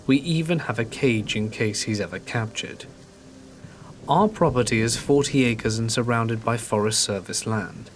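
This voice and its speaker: A man reads horror stories aloud in a calm, measured way, with a voice of ordinary pitch for a man. Soft, steady rain sits faintly in the background. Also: a little hiss or hum. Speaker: horror story narrator. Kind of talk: scripted first-person horror narration. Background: steady rain sounds.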